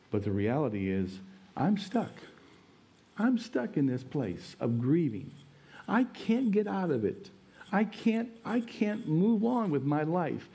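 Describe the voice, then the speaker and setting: A pastor preaching a sermon, telling a personal story in an earnest, plain way. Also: male voice, mid-range voice, mellow, dull audio.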